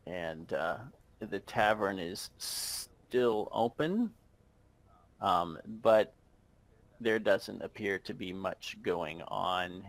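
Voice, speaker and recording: A man narrating as game master over an online voice call, halting and full of fillers. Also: sits low, animated, dry recording, low-quality recording.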